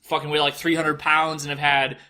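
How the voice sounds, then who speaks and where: Bright-voiced rambling man, swearing a lot. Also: fairly high pitch, completely flat delivery, a little fast. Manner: rambling, heavy swearing, many fillers. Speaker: podcast host telling a personal story. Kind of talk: casual storytelling monologue.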